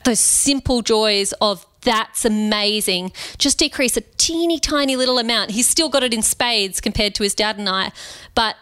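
A woman in her thirties co-hosting a podcast, chatting about a book in an earnest, conversational way with animated asides. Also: a little high, normal speed. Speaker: podcast co-host. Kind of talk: casual book discussion.

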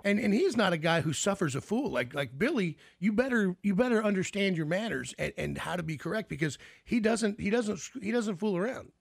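A male radio host with a slightly high, gravelly and husky voice, recorded dry and close. He chats and tells stories with many restarts. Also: expressive, a little fast, hardly any pauses, no echo. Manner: chatty, storytelling, lots of restarts. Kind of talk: casual interview.

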